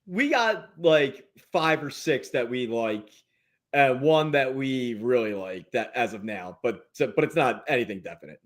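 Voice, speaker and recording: A young adult man in a casual podcast chat who laughs often and lets his sentences trail off quietly. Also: mid-range voice, expressive, unhurried.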